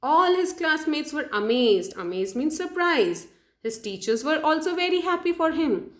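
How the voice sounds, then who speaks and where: A woman teacher retells a story for young students. She pauses to define words slowly and asks the class questions. Her voice sits a little high, and the room has a noticeable echo. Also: big pitch swings. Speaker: English teacher. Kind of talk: storytelling lesson with word explanations.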